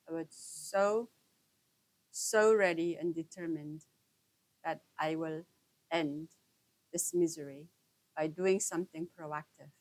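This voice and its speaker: A woman shares a personal memory in a slightly low voice. She talks at a very unhurried pace, pausing often between short phrases. Her tone stays earnest and intimate throughout. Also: darkish tone, low-quality recording. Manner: halting, broken into short pauses. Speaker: storyteller sharing a personal experience. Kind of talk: slow reflective personal storytelling.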